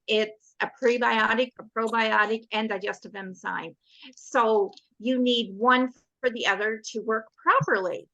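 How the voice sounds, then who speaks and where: A woman's voice: a little high, fairly bright tone, no echo, muffled recording. A woman on a casual group call, upbeat and enthusiastic as she explains. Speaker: participant on a product call.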